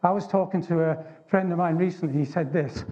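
An Englishman giving an animated, emphatic testimony sermon to a men's gathering. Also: a little high, brisk. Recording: dull lo-fi recording.

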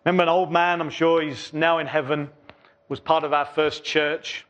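A pastor preaching a sermon in church, in an earnest voice with a repetitive cadence, often dropping softer between phrases. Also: male voice, fairly high pitch, flat delivery, moderate pace, dull audio.

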